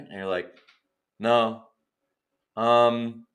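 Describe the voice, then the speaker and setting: A young man co-hosting a podcast, riffing in deadpan, mumbled asides and laughing a lot in casual chat. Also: on the low side, takes it slowly, long pauses, clear, resonant tone. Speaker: podcast co-host.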